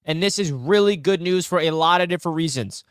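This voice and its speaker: A man's voice: a little high, fairly quick, clean tone, no echo, clean studio sound. A young man hosting a live sports talk stream, fired up and emphatic as he banters with fans. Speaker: sports channel host.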